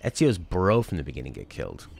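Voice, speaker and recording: Brief: deep-voiced young gaming host, lively, chatty and jokey while playing. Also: male voice, fast, gravelly, a little hiss or hum. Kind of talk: casual let's-play commentary.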